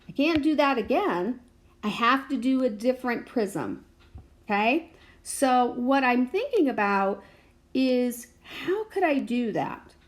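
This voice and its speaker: Slow, patient woman teaching math. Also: fairly high pitch. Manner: patient, checks in with "okay?" and "right?". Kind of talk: math lesson walkthrough.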